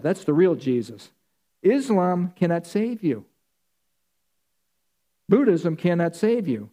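Male preacher, emphatic and repetitive, mellow tone, slightly raised pitch. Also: animated, unhurried. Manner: addresses listeners as folks. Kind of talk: sermon.

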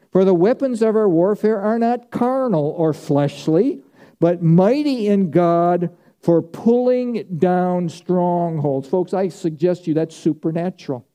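A man's voice: sits high, mellow. A man preaching a sermon, stressing key words by drawing them out and repeating phrases for emphasis. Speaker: pastor.

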